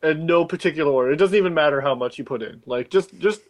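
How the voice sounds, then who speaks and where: Young guy, dry deadpan joker, slightly high voice. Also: fast talker. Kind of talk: casual chat.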